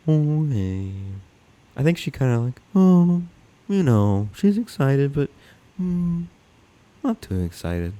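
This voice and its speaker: A man's voice: on the high side, very animated, slow, long pauses, mellow. A man co-hosting a casual podcast chat, joking and easygoing. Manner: joking, easygoing, self-mocking. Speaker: podcast co-host.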